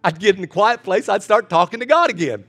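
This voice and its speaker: A man preaching a sermon as pastor, building with repeated phrases and ending soft in prayer. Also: sits high, expressive, fairly quick, breathy edge.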